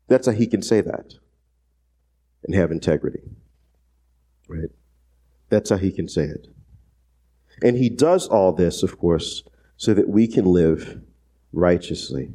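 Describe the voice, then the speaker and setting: A man preaching a sermon in a conversational way, often asking "right?" and swinging his pitch up and down for emphasis. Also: measured pace, long pauses. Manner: conversational, frequent tag questions, animated pitch swings.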